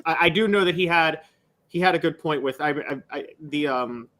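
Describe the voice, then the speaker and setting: A man's voice: on the high side, normal speed, sharp tone. A man in his thirties co-hosting a sports radio show, teasing his partner and hesitating when recalling things. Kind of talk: casual radio chat.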